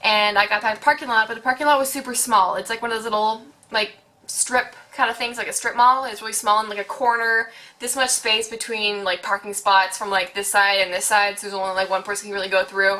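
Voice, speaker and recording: A woman in her late teens telling a casual storytime on her vlog, chatty and animated, full of "like". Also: medium pitch, quick pace. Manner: chatty, heavy use of "like", animated retelling. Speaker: vlogger.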